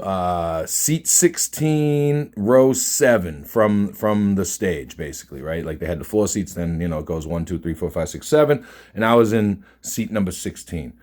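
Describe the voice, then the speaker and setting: A man's voice: on the low side, expressive, unhurried, darkish tone. A man in a casual spoken rant, emphatic and profane, dismissive and often restarting his sentences. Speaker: concertgoer recounting a show.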